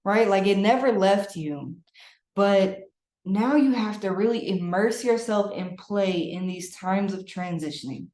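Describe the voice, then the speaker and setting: A woman's voice: medium pitch, a little slow, a little mellow. A woman energy healer guiding a client through a spiritual session in a playful, laughing way. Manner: playful, laughing, breathy coaching. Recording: roomy echo.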